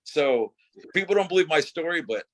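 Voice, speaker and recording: A man's voice: a little high, expressive, normal speed, a bit bright. A middle-aged man, a former wrestler, talking casually as an interview guest in a laid-back way, saying "dude" and "you know" often.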